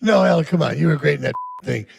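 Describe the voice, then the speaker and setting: A man in his sixties, a guest actor in a casual interview, talking haltingly with many restarts and an easy "man". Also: fairly high pitch, expressive, creaky, a little mellow. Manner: halting, repeats himself, says "man" often.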